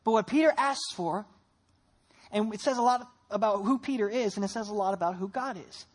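A woman preacher giving a sermon, retelling scripture with animated storytelling and rhetorical questions. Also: medium pitch, brisk.

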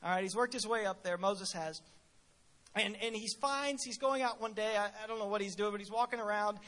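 High, bright-voiced preacher. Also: male voice, fairly quick. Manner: animated, humorous storytelling; stutters on repeated words. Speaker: pastor. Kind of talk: sermon.

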